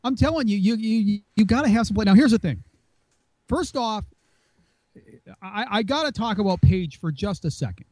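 A man's voice: high voice, expressive, moderate pace, pauses often, a little mellow, no room sound. A man co-hosting a casual wrestling podcast, rambling and teasing with many restarts. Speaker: podcast co-host.

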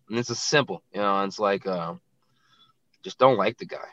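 A man's voice: on the low side, moderate pace, a bit bright, no room sound, lo-fi sound. A man who is a professional fighter, talking bluntly and brashly in a casual interview, filling his speech with "you know, it's like".

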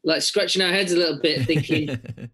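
A man's voice: on the high side, fairly quick, fairly bright tone, husky. A man on a podcast panel, chatty and self-deprecating in casual talk. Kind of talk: casual chat.

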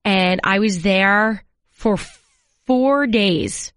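Animated woman telling a story. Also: drawn-out words, smooth, dry recording, clean studio sound. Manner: animated, acts out quotes with pitch jumps. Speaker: interview guest, TV sports anchor. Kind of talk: conversational storytelling.

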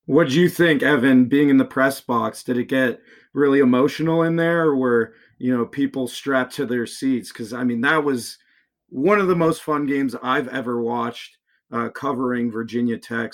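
A man's voice: mid-range voice, normal speed. A man hosting a sports podcast, talking with enthusiasm and dramatic flair. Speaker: podcast host.

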